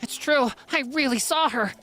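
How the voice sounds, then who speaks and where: A man voicing an excitable little village child in a game, with a high, squeaky, giggly voice. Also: moderate pace, soft background music. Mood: insistent.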